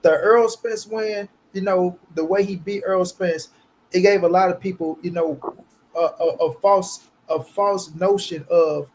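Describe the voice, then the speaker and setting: A man's voice: high voice, steady tone, unhurried, darkish tone, a little hiss or hum, rough recording. A man on a panel chat who keeps checking in with "right?" and "you know".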